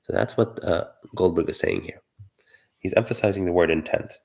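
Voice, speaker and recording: A man's voice: low-pitched, moderate pace, gravelly, a little mellow. A man giving solo political commentary, arguing his point while thinking aloud, with many fillers and restarts.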